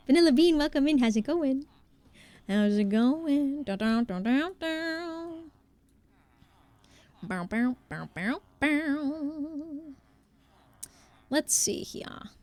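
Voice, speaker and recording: A woman's voice: a little high, darkish tone, dry recording. Chatty young woman streamer, close and dry. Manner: chatty, thanks viewers by name, thinks aloud. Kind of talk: casual live-stream chat while gaming.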